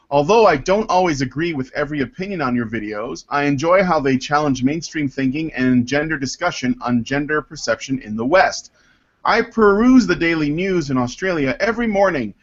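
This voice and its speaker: A man hosting a casual podcast panel, reading out listener mail in a halting, rambling way with many fillers. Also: on the high side, highs cut off. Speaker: podcast host.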